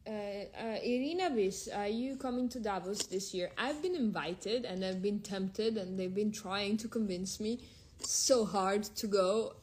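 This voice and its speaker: A woman hosting a relaxed phone livestream, picking up viewer comments and answering them in an open, conversational way. Her voice sits at a mid pitch for a woman. A faint background hiss runs under the stream. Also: unhurried. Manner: chatty, reads out viewer questions and answers them frankly; drifts between several languages mid-stream. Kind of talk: casual livestream chat.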